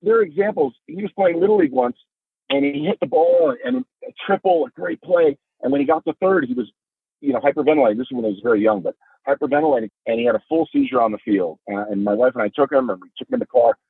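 A man's voice: fast, no echo. A middle-aged man, a podcast guest, telling about family life with earnest, emphatic storytelling. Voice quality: husky. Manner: earnest, emphatic storytelling, rising pitch when moved. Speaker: podcast guest, father of a son with epilepsy. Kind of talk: podcast conversation. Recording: dry phone-like remote line.

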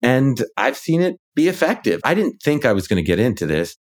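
A man's voice: medium pitch, sing-song, a little fast. A man who is a ghostwriter and author, a guest in a casual conversation, talking through his ideas reflectively with many fillers.

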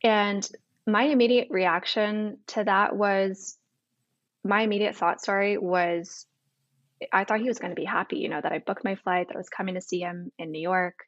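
A woman's voice: medium pitch, steady tone, normal speed, no echo, lo-fi sound. A woman in her twenties from Canada, telling a personal story as an interview guest, chatty and full of quoted dialogue.

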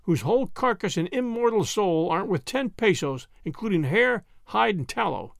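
A blunt, commanding man barking orders, as a storyteller reads him, gravelly and high for a man. The sound is dry and close. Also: expressive, normal speed, dry recording.

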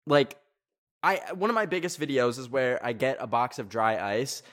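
A man of middle pitch hosts a loose, chatty show from his garage. He rambles through stories with plenty of fillers and self-mocking asides. He sounds hot and sweaty. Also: expressive, normal speed, a bit bright. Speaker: podcast host. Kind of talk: casual chat.

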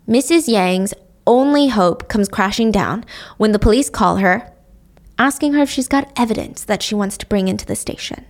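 A woman's voice: medium pitch, normal speed. A woman casually telling a true-crime story to a friend, with indignant, sarcastic asides.

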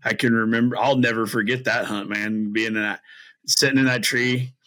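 A man's voice: medium pitch, moderate pace. A man from the Midwest telling long, rambling hunting stories as a podcast guest, full of fillers and restarts, and acting out the voices he quotes. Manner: animated, acts out quoted voices. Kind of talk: casual storytelling.

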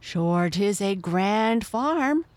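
An eager young Irish boy, earnest and hopeful, his talk brightening as he goes, as a woman reads him aloud. The delivery is slow and a bit low for a lad. Faint music hums underneath.

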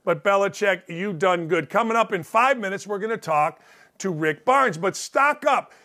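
A middle-aged man hosts a sports talk show in a high, bright voice. He rants bluntly and sarcastically, swearing freely as he hands out his opinions. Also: expressive, normal speed. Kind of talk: opinionated sports commentary monologue.

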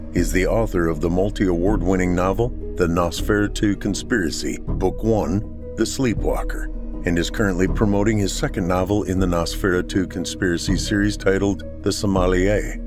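Deep-voiced man narrating a horror tale. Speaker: podcast host and narrator. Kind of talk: scripted horror story narration.

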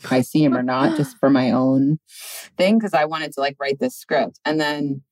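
A woman in her thirties telling a story as a podcast guest, deadpan and drawn out. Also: rumbling low, no echo, poor audio. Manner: deadpan, drawn-out delivery, puts on voices in anecdotes. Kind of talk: casual chat, storytelling.

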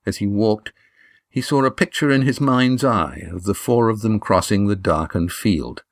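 A man reading a novel aloud as narrator, in a measured, even delivery. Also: fairly low pitch, no echo, studio quality. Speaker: audiobook narrator. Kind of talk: scripted narration.

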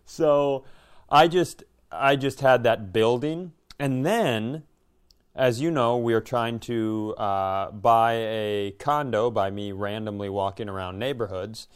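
Middle-aged man, podcast co-host, smooth clear voice, loose rambling storytelling, casual chat. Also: medium pitch, slow. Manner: rambling storyteller, animated, swearing.

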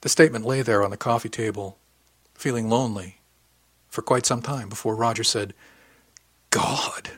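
A man narrating a first-person audiobook, lifting his pitch for character lines and dropping low on dialogue tags. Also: fairly quick, a bit bright, breathy edge, no room sound.

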